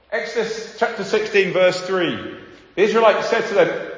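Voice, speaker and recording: A man preaching a sermon, animated and acting out the voices of the people he quotes. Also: high voice, normal speed. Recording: echoey hall, dull sound.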